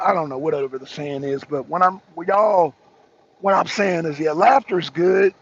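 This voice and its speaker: A man's voice: fairly high pitch, moderate pace, slightly rough. A man hosting a talk show, riffing casually to his viewers, rambling and repeating himself, laughing often and using slang. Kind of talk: casual political commentary to viewers. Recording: dull lo-fi recording.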